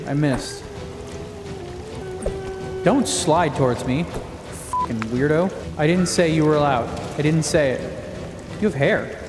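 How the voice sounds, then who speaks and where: A man's voice: on the high side, a little mellow. A young man giving jokey let's play commentary on a video game, swearing freely and trash-talking the enemies. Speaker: gaming video creator. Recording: roomy echo with long reverb, music behind. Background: game music.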